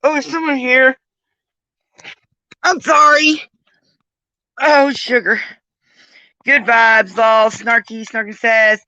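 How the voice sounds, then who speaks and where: A woman's voice: fairly high pitch, flat delivery, takes it slowly, pauses often, sharp tone, no echo, highs cut off. A woman talking casually to her stream viewers while in pain, groaning and swearing often as she moves around. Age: older. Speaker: vlogger. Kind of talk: casual live-stream chat.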